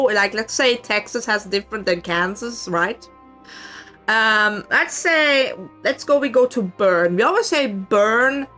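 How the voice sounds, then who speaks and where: A young adult woman from Switzerland chats casually on stream with a Swiss German accent, laughing often and swearing freely. Her voice is a little high and a bit bright.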